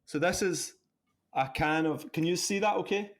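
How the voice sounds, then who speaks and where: Male co-host, a bit higher voice, eager, stumbles and restarts, video call. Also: moderate pace. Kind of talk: casual chat.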